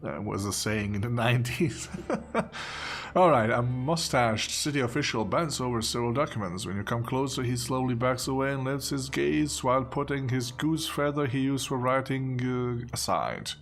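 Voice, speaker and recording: A man's voice: mid-range voice, normal speed. A man hosting a let's play, chatting casually and amused as he plays, rambling with fillers. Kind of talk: casual gameplay commentary.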